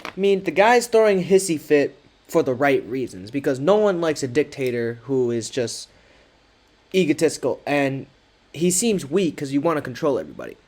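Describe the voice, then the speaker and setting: Sarcastic young-sounding male commentator. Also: a little high. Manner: sarcastic, mocking. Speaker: commentary creator. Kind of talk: casual commentary reading texts aloud.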